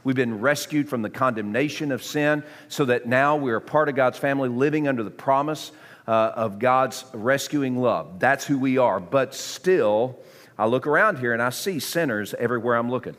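A man preaching a sermon to a congregation, swinging from hushed tones to near-shouting. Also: mid-range voice, normal speed, long reverb tail. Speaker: pastor.

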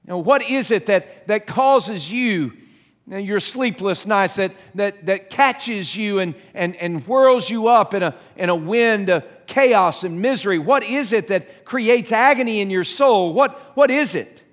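A middle-aged man preaching a sermon as pastor, earnest and halting, often restarting and asking the listeners questions. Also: high voice, animated. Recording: long hall reverb.

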